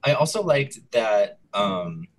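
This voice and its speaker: A man's voice: lowish voice, big pitch swings, takes it slowly, poor audio. A man co-hosting a casual chat, thinking aloud as he recaps a soap opera. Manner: chatty, thinks aloud as he talks. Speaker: co-host.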